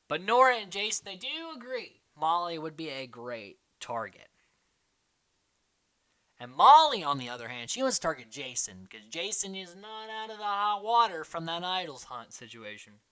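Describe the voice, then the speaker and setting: Man, casual recap host, bright tense voice, animated, mimics quoted people. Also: sits high, moderate pace. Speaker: podcast host recapping a reality show.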